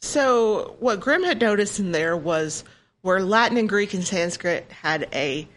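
A woman's voice: mid-range voice, animated, a little slow, a bit bright. A woman co-hosting a podcast in a casual educational chat, adding her own comments and short agreements. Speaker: podcast co-host.

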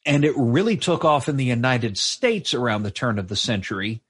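A man's voice: mid-range voice, expressive, moderate pace, husky, no echo. A man co-hosting a history podcast, telling it in a wry, sardonic casual chat. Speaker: podcast co-host. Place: live show.

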